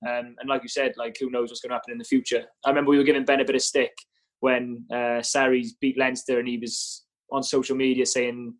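Flat-toned Welsh man, modest. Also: mid-range voice, a little fast. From Wales. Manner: modest, filler-heavy, laughs easily. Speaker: guest rugby player. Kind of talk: casual podcast chat.

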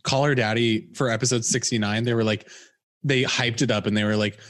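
A man's voice: mid-range voice, normal speed, fairly bright tone. A young man co-hosting a podcast, chatting casually with dry quips and frequent giggles. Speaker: podcast co-host. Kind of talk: casual comedic chat.

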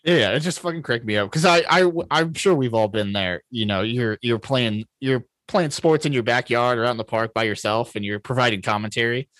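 A man co-hosting a podcast in relaxed casual chat, swearing casually and restarting his sentences. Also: medium pitch, fairly quick, hardly any pauses, no room sound. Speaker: podcast co-host. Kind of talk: casual movie recap chat.

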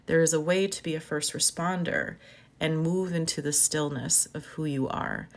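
A woman who counsels first responders, talking in a measured way about emotions and often listing feelings one word at a time. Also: deep voice. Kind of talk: reflective talk on emotions.

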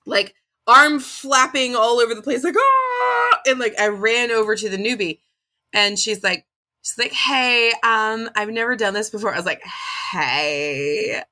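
A woman co-hosting a podcast in casual chat, telling stories in an excitable, rambling way with lots of giggling. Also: fairly high pitch, normal speed. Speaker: podcast co-host.

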